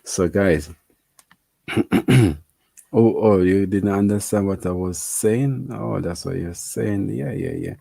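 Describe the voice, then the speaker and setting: A man's voice: fairly low pitch, takes it slowly, gravelly, warm tone, breathy edge, no room sound. A man with a Jamaican accent hosting a casual livestream, chatting with viewers, laughing and repeating himself. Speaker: livestream host. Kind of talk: casual livestream chat reading comments.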